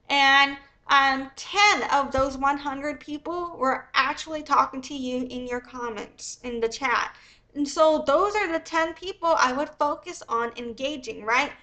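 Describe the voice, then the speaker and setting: A woman's voice: high voice, pushed and bright, low-quality recording. A woman reading her own business ebook aloud, then explaining it in a blunt, profane, rambling way.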